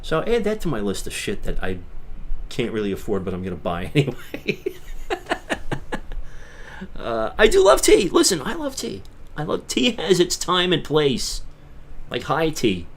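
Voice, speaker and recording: A man from Long Island, chatting casually on his livestream in a rambling way that swings from mutters to loud bursts. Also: a little high, huge pitch swings, normal speed, long pauses. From Long Island, New York. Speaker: livestream host.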